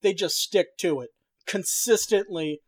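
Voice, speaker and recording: A man's voice: sits high, measured pace, a little hiss or hum. A man chatting casually as a podcast co-host, rambling and cursing with lots of fillers and restarts. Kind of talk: casual chat.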